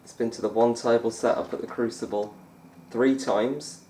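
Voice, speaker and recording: A young man gives loose, rambling let's-play commentary and laughs often. His voice sits at an ordinary mid pitch. The recording has a roomy echo. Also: fairly even intonation, moderate pace, mellow, slight background noise. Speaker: gaming YouTuber.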